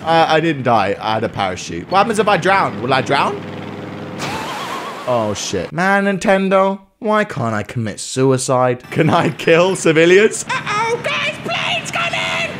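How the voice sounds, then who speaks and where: A young man giving loud, swearing let's-play commentary, breaking into excited shouts. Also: on the high side, unhurried, very noisy. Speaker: gaming YouTuber. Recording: game music behind the voice.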